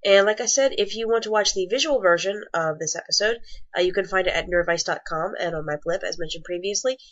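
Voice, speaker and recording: A woman's voice: on the low side, fast. Chatty woman podcast co-host, muffled audio. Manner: rambling, chatty, many fillers. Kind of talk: casual podcast chat.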